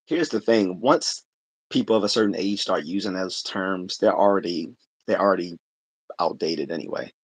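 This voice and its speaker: Livestream host, male, low husky voice, relaxed talky delivery with lots of restarts. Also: moderate pace, dry recording. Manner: conversational, laughs often, many restarts. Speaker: livestream host answering chat. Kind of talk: casual livestream chat.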